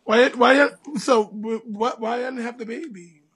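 Husky, high-voiced woman host. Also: fairly bright tone. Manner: short interjections and halting questions. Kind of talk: casual interview chat.

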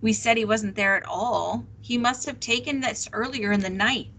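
A woman's voice: a little high, moderate pace, a bit bright, breathy edge. A woman voicing a hostile, defensive teenage boy who scoffs and snaps, read aloud from a novel. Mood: scoffing. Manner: curt, scoffing.

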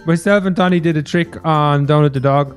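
A man with a high voice hosts a casual Minecraft role-play, joking and teasing as he shows his friend around. Faint music runs under his talk. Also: a little fast, clean tone. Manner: playful and teasing. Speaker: host.

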